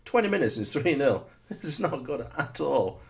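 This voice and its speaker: A man giving live commentary on his own football game, muttering rhetorical asides and breaking into sudden excited shouts. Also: medium pitch, moderate pace, gravelly.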